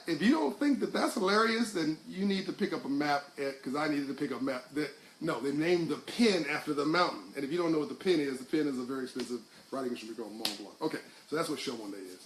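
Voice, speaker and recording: A man's voice: medium pitch, fairly bright tone. A middle-aged man talking casually to livestream viewers, reading their comments, rambling with restarts before he builds to fervent speech. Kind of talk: casual live talk to viewers. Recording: echoey room with faint hiss.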